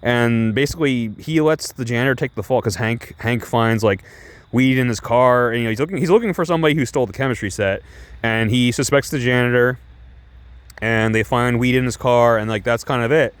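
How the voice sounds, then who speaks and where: A man's voice: medium pitch, brisk, clear, resonant tone. A young man casually reviewing TV shows, chatty and rambling with many restarts. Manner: chatty, heavy use of "like" and restarts, laughing asides.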